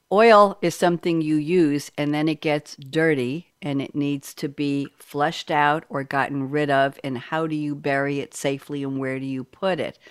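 A woman's voice: sits low, clear, resonant tone, dry recording, studio quality. A woman hosting a panel discussion, chatty and self-deprecating, reading out quotes and making asides. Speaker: host.

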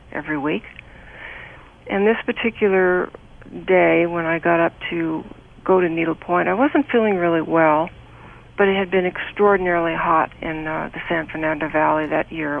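Older american lady reminiscing on the phone, emotional, raspy, phone-quality sound. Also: lowish voice. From United States. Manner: earnest and emotional, with many restarts. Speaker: guest. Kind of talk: interview, personal recollection. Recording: tinny phone line.

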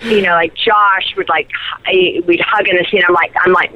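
A woman's voice: on the low side, fairly even intonation, brisk, sharp tone. A woman, an actress guest, telling a personal story in a chatty, giggly way with lots of fillers, heard over a phone line. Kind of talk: casual chat.

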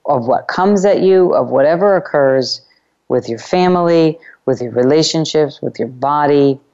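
A woman hosting a self-help call-in radio show, speaking in unhurried, emphatic phrases and repeating chanted clearing phrases. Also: sits low, darkish tone, muffled recording.

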